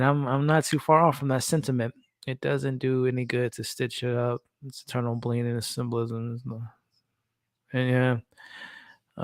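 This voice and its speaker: Hosting a live reaction stream, this man speaks at a medium pitch, chatting candidly and addressing his live chat directly. The sound is clean and studio-like, with no echo.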